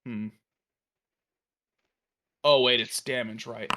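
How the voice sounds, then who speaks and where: Bright, eager man demoing software. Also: medium pitch, normal speed. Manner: enthusiastic, rambling with fillers and restarts. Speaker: developer demoing a virtual tabletop. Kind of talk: casual live stream demo.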